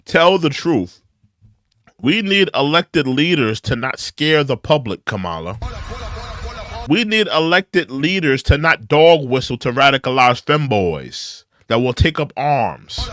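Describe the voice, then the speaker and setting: A man's voice: medium pitch, sing-song, slow, long pauses, fairly bright tone. A young man hosting an opinionated commentary show, ranting in an indignant, repetitive way. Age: young adult.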